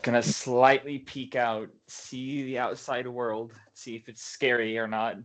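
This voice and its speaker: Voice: mid-range voice, level tone, measured pace. A tabletop game player describing their character's actions in a playful, mock-timid way. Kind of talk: casual in-character chat.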